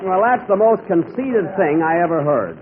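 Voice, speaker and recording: A man hosts an old-time radio comedy with dry, exasperated timing. His voice sits fairly high and swings through a lively range. The broadcast is thin and hissy, like a 1940s radio recording. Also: moderate pace, narrow, tinny audio. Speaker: comedy show host.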